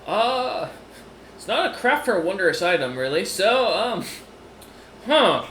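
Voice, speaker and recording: A man narrates a tabletop session as game master, wandering through fillers and restarts. His voice is bright and a touch high, and it rings in a roomy space with a faint hiss behind it. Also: very animated, a little slow. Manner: rambling, many fillers and restarts.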